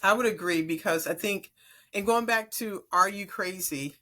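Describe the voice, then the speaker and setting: A woman's voice: medium pitch, moderate pace, pushed and bright. Earnest, encouraging middle-aged woman. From Chicago, USA. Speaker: podcast guest. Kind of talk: earnest advice in conversation.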